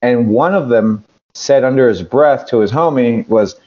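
A pro wrestler from California, appearing as a podcast guest, tells a wrestling story in a profane, rambling way and slips into the voices of the people he quotes. His mid-range voice moves at normal speed with few pauses. The recording sounds dull and lo-fi.

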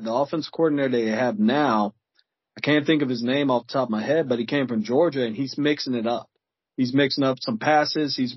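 A man of middle pitch talks football in loose, rambling sentences, often groping for a name. His voice comes across dry and close but dulled by lo-fi remote audio. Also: husky, dry recording. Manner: rambling, searches for words, fills with "I mean". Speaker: podcast guest. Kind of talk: casual sports chat.

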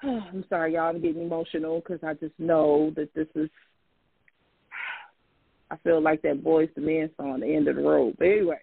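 Male podcast host, high-pitched, folksy and chatty, phone-line quality. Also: flat delivery, normal speed, creaky, breathy edge, no echo. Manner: chatty, gives hair tips, often addresses listeners as "y'all". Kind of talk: casual podcast chat.

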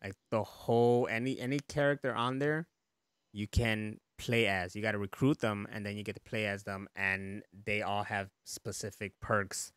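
A man co-hosting a podcast, chatting in a relaxed, rambling way with frequent laughs and casual swearing. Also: on the low side, moderate pace, clear, resonant tone, no room sound, studio quality. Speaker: podcast co-host. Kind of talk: casual chat.

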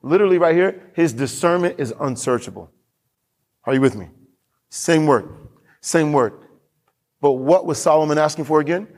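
A man's voice: a little high, normal speed, pauses often, a little mellow. A man preaching a sermon as pastor in a church, emphatic and given to repeating his lines and reading scripture aloud.

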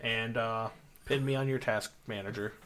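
A man hosting a comedy podcast, chatting casually in a deadpan joking way, with now and then a loud mock bit. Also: mid-range voice, normal speed, slight background noise. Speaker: podcast host.

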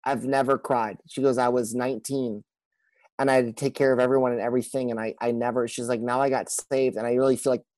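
A man's voice: mid-range voice, level tone, quick pace, a little mellow, no echo, poor audio. Earnest male pastor, dry close sound. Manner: earnest, repeats words, acts out quoted speech. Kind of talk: conversational podcast talk.

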